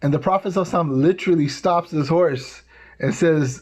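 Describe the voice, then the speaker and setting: A man telling religious stories to tweens in a casual, animated way, checking in with the listeners often. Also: fairly high pitch, fast, slightly rough. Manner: casual, animated, tags lines with "right?"; acts out quoted voices. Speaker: youth speaker. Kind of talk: storytelling talk to tweens.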